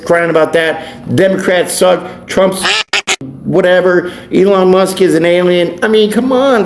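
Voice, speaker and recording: A man's voice: high voice, a little mellow. A man, a tarot reader and life coach, ranting bluntly and preachily in a profane vlog monologue. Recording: echoey room, faint background noise.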